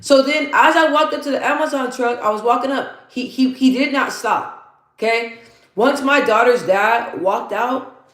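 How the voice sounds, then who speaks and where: This livestream host is a woman in her thirties with a fairly high, unhurried voice. Chatty and anecdotal, she repeats phrases to drive her points home and reads comments from her audience. There's a roomy echo on the audio.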